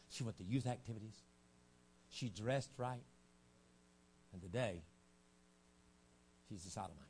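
A man preaching a revival sermon, dropping to a low, hushed storytelling voice and then rising to loud, shouted preaching. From United States. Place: church sanctuary. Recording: archived church recording with faint hum.

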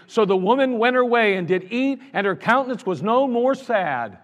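High-voiced preacher in an echoing hall. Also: male voice, animated, normal speed, few pauses. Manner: earnest, conversational preaching with repetition. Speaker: pastor. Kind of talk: sermon. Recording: long reverb of a large hall.

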